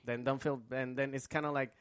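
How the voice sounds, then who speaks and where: A man from Venezuela chats loosely as a podcast guest, his speech full of restarts and fillers. His voice sits at a middling pitch. The recording is dry and close, with no room sound. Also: flat delivery, brisk, clean tone, dry recording. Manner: acts out relatives' lines in a higher voice. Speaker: comedian guest. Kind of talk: casual podcast chat.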